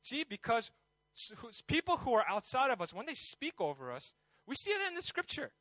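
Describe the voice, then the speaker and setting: A male pastor preaching in a relaxed, conversational way, with a high-pitched voice. He tells stories with animated energy. The sound is dry and close, with no room around it. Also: a little fast, dry recording, poor audio. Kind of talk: sermon.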